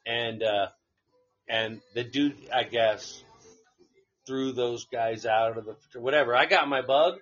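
A man's voice: mid-range voice, takes it slowly, fairly bright tone, slightly rough, lo-fi sound, faint music behind. A man casually telling a rambling story on a live stream, swearing freely and laughing along the way. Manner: profane, rambling anecdote with laughs.

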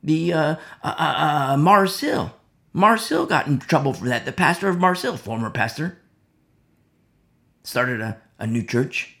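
A man's voice: on the high side, animated, measured pace, gravelly, bright, forceful tone. A man preaching a conversational Bible teaching, repeating phrases and dropping to near-whispers for emphasis, acting out little mock dialogues. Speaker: pastor.

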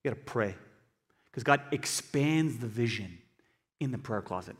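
A male pastor giving an animated sermon, swinging between quiet asides and loud emphatic bursts. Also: mid-range voice, normal speed, breathy edge. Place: church hall. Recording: long hall reverb.

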